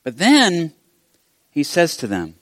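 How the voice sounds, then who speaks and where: A man giving a conversational sermon, telling the story in a casual, animated way with frequent restarts. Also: on the high side, takes it slowly, dry recording. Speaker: pastor.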